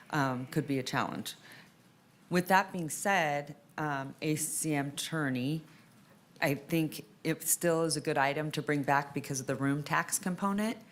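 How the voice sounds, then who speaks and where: A woman chairing a city council meeting as mayor, conversational and joking, thinking aloud. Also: low-pitched.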